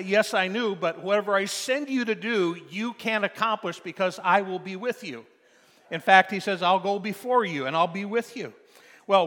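Guy preaching, high bright voice, gets loud and worked up, long hall echo. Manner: animated, rising to loud emphatic peaks. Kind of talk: sermon.

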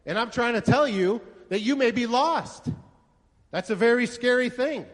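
High-voiced preacher man in an echoey hall. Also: normal speed. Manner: storytelling preacher, rhetorical questions, emphatic. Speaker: pastor. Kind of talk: sermon.

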